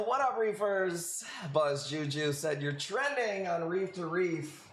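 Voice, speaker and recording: A man's voice: sits high, lively intonation, takes it slowly, noisy background. A man hosting a casual live stream, laid-back and slangy, greeting viewers by name. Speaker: live stream host selling corals. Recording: echoey room with faint ambience.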